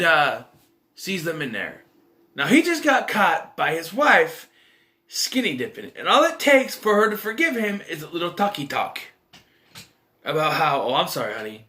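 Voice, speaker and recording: Animated rambling man reviewing a movie. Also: on the high side. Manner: rambling, animated, lots of restarts and filler. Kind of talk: casual solo movie review.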